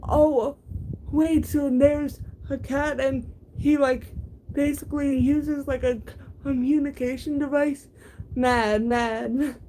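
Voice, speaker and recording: A young woman talks slowly in a high, soft-edged voice, stumbling and restarting her words as she chats casually with her viewers. Her tone stays mellow and unhurried, broken by little giggles. A faint hum sits behind her. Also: steady tone, rough recording. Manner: stammering, frequent restarts and giggles. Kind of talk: casual chat.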